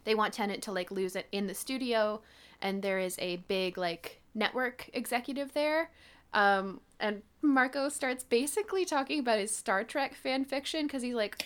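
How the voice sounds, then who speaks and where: A young woman co-hosting a podcast, recapping a book in casual chat as an animated storyteller. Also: fairly high pitch, smooth. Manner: animated storyteller, quick bursts of laughter. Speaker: podcast co-host.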